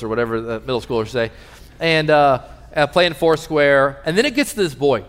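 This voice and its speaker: A man preaching a sermon as pastor, telling stories earnestly and dropping soft and low in tender moments. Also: normal speed, clear, resonant tone. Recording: long reverb of a large hall.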